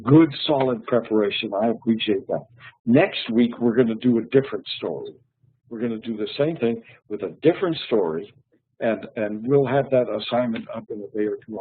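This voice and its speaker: A man's voice: lowish voice, animated, moderate pace, breathy edge. A man teaching an online English lesson, patient and friendly, often repeating his words. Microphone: online call. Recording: tinny phone-like online call.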